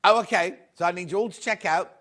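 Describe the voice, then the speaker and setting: A man's voice: sits high, quick pace, bright, forceful tone. A man presenting a live shopping show, upbeat and chatty, greeting viewers by name as he sells fabric.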